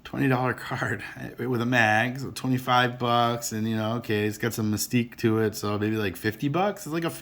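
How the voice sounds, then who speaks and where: A man's voice: on the low side, vocal fry, a bit bright, a little hiss or hum. A middle-aged man chatting casually to camera about his collection, rambling and earnest with many restarts. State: emotional, teary. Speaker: card collector vlogger.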